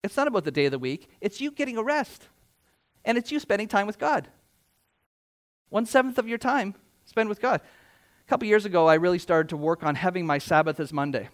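A man's voice: high-pitched, expressive, a little fast. A middle-aged man preaching a sermon in church, with a conversational yet emphatic style and many rhetorical questions. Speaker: pastor.

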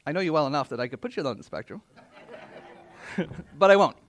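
A man preaching a sermon to his congregation in earnest, dropping to quiet asides and lifting his voice for exhortations. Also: fairly high pitch, animated, fairly quick. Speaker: pastor. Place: church.

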